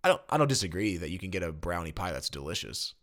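A man's voice: deep voice, very animated, fast talker, fairly bright tone. A man from Tennessee co-hosting a casual chat, joking and reading out listener comments. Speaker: podcast co-host.

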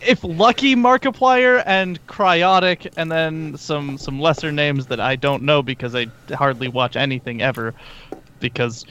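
A man's voice: a little high, steady tone, a little slow, a bit bright. A man co-hosting a gaming podcast, teasing in a playful, mock-formal way with many hesitations. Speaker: podcast co-host. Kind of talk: casual chat. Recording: dull lo-fi mic with faint room hum.

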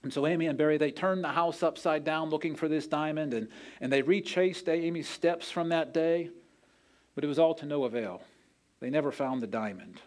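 A man's voice: fairly high pitch, moderate pace, darkish tone. A man preaching a sermon, telling a story in an earnest way and acting out the quoted voices. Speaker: pastor.

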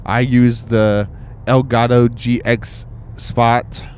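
A man with a New Zealand accent hosting a podcast, bantering casually and haltingly with many fillers. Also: medium pitch, level tone, darkish tone, slight background noise. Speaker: podcast host.

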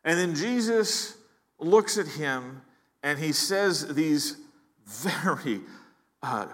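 A man's voice: fairly high pitch, lively intonation, slow pace. A man preaching a sermon as pastor, earnest, often repeating words as he builds emphasis. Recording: long hall reverb.

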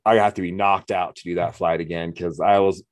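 A man's voice: sits low, flat delivery, a little fast, dry recording. An American man chatting casually as a podcast host, a jokey storyteller who acts out the voices he quotes. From United States. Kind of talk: casual conversation.

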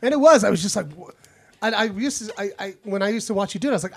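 A man chatting on a podcast in fast, crude, joking banter. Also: high voice. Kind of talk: casual podcast chat.

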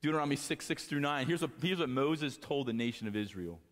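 A male pastor preaching a sermon to fathers, impassioned, moving from quiet talk to raised exhortation. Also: medium pitch, expressive, fast talker, in a large hall. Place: church sanctuary.

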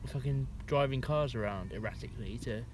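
A man's voice: medium pitch, fairly quick, crowd noise. A man from England co-hosting a podcast in casual chat, sweary and rambling, laughing often. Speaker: podcast co-host.

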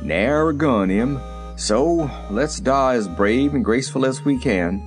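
A man reading aloud and voicing a plain old farmer with a husky voice. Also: medium pitch, expressive, a little slow, faint music behind, close to an everyday voice. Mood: resigned.

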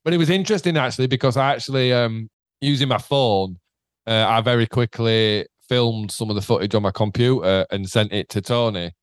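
A man's voice: mid-range voice, a little fast, no echo. A man chats casually on a podcast, telling stories with lots of swearing and acted-out quotes. His voice sits mid-range and is recorded dry and close, with nothing of the room in it.

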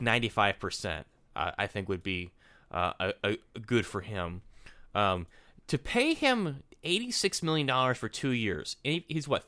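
A man co-hosting a podcast, talking in casual animated opinion chat and often restarting his words. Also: mid-range voice, clear, resonant tone. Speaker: podcast co-host.

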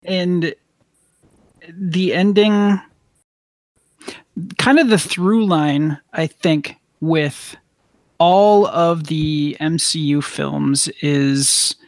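Slow, higher-voiced man on a podcast. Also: no echo. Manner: relaxed, hesitant, fills with um and you know. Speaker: podcast co-host. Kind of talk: casual roundtable chat.

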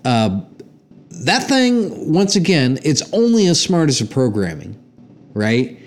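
A man's voice: fairly high pitch, wildly swooping pitch, takes it slowly. A man co-hosting a casual podcast, rambling through opinions with plenty of swearing. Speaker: podcast co-host. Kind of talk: casual chat.

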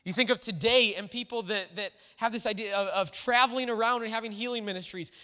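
Pastor, man, high-pitched and ringing, casual thinking-aloud sermon, long church-hall reverb. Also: quick pace, pushed and bright. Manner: conversational, thinking aloud with the congregation. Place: church sanctuary.

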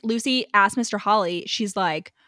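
A woman co-hosting a podcast, casually recapping a book in a lively way and acting out the characters' lines with big jumps in pitch. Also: normal speed, no echo, clean studio sound. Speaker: podcast co-host.

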